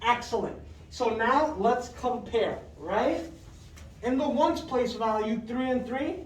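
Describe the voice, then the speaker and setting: A classroom teacher leading a math lesson, patiently repeating questions, checking with "right?", and calling on pupils by name with quick praise. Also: medium pitch, expressive, a little hiss or hum. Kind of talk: fifth-grade math lesson. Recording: roomy classroom heard from a distance.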